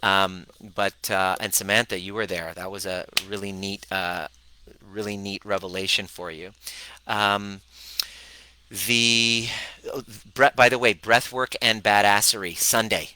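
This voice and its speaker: Bright, energetic male coach on a live stream. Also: on the low side, measured pace, clean tone, rough recording. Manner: energetic, acts out clients' voices, many restarts.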